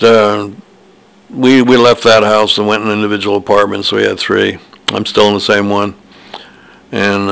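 This older author's voice is fairly low, creaky, and a bit bright, captured with poor audio. He rambles through personal anecdotes in a hesitant monologue, full of fillers and false starts.

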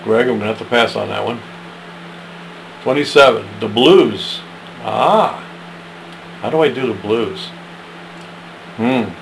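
A man's voice: lowish voice, slow pace, gravelly, pauses often, a little hiss or hum, poor audio. A man practicing readings aloud, muttering self-deprecating asides between attempts. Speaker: amateur reader of verses.

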